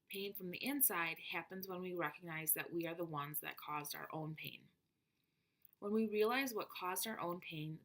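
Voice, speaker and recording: A woman reading a prepared presentation on classroom methods in a steady, explanatory manner. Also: lowish voice.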